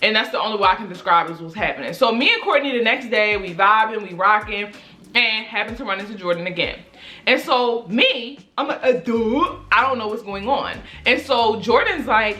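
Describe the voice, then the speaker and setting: Animated woman telling a storytime. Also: fairly high pitch, a little fast, faint music behind. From Baltimore. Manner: animated, acts out quoted friends, frequent "like" and cursing. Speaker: storytime vlogger. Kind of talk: casual storytelling. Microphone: camera mic.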